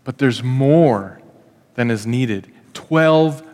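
A man preaching a sermon in a church, telling the story in a conversational, animated way and acting out the quotes. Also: mid-range voice, drawn-out words. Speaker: pastor. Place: church hall. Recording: echoey church hall.

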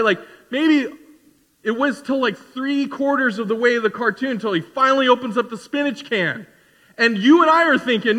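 A man in his forties preaching a sermon in a conversational, animated way, acting out little asides. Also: very high-pitched, normal speed, long reverb tail. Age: 40s. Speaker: pastor. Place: church sanctuary.

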